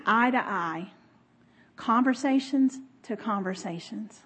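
A middle-aged woman giving a conversational sermon, expressive, laughing often and talking with the audience. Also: fairly high pitch, slow, breathy edge. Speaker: speaker.

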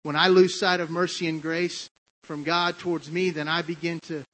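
A man's voice: on the high side, level tone, normal speed, bright, forceful tone, poor audio. A man preaching a testimony sermon, telling his story in a conversational way with frequent asides to the listeners.

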